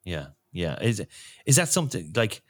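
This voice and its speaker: A man hosting a casual sports podcast, jokey and halting with lots of restarts. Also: fairly low pitch, sing-song, breathy edge. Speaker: podcast host.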